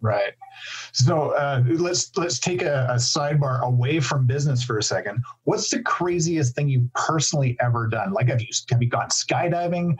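A man's voice: medium pitch, lively intonation, moderate pace, breathy edge, low-quality recording. A man hosting a podcast interview, who asks casual questions and answers with short affirmations. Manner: short affirmations, laughs along. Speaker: podcast host.

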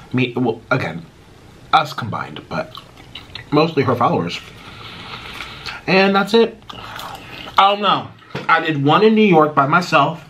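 In this casual eating vlog, an American man talks to his audience between bites, chatty and rambling, cutting himself off and starting sentences over. His voice is mid-range with a fairly bright tone, and a faint hiss or hum runs underneath.

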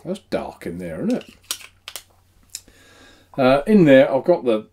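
A man's voice: mid-range voice, huge pitch swings, slow, mellow, husky. A man hosting a casual live stream, chatty and self-mocking, laughing often. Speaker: host.

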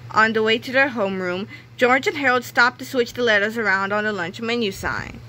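A woman reading a children's book aloud in a clear storytelling manner. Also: a little high, a little fast, bright, forceful tone, slight background noise, rough recording. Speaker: reader.

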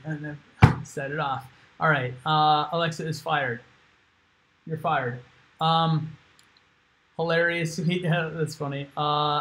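A man's voice: fairly high pitch, a bit bright, rough recording. A man hosting a casual live stream. He talks bluntly and with energy, swears freely, calls listeners "dude" and reads viewer comments aloud.

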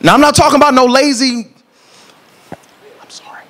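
A man teaching a church marriage class, preaching in an animated, colloquial way that bursts into shouts. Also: extremely high pitch, normal speed.

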